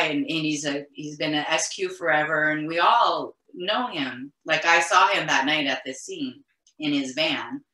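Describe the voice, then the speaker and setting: A woman's voice: low voice, sharp tone. A middle-aged woman from Quebec, a guest in an interview, recounting events earnestly and insistently, often circling back and restarting her sentences. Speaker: interview guest, mother of the deceased. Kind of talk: emotional recounting in conversation. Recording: echoey room.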